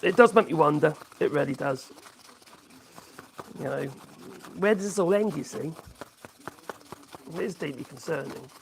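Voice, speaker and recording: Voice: medium pitch, expressive, unhurried, creaky, pauses often, a little hiss or hum. A live-streamer rambling casually while reading out chat messages, humming and chuckling between thoughts, speaking into a phone in a home workshop. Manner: rambling, hums to self, frequent chuckles.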